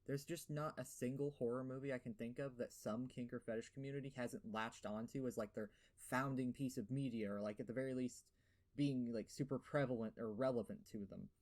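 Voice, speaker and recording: A man's voice: medium pitch, fairly even intonation, fairly quick, darkish tone. A young man with a lisp giving a sarcastic, profane game review voiceover, full of fillers and rants. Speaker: gaming video host.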